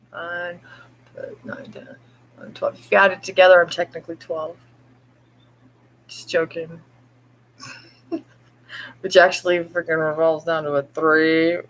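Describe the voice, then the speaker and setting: The recording is rough, and the woman's voice sits low with little pitch movement as she chats casually to viewers from home at night. This vlogger rambles and laughs, speaking slowly and drawing things out.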